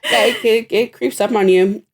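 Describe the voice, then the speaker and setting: A woman's voice: fairly high pitch, fairly even intonation, normal speed, gravelly. A woman co-hosting a podcast, chatting casually, swearing now and then and laughing often. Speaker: podcast co-host. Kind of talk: casual chat.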